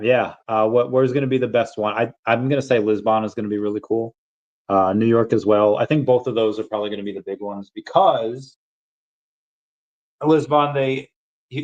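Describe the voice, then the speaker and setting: Rambling man on a lo-fi stream. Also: on the low side. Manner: rambling, relaxed, many fillers. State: hiccuping. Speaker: crypto channel host. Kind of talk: casual livestream chat.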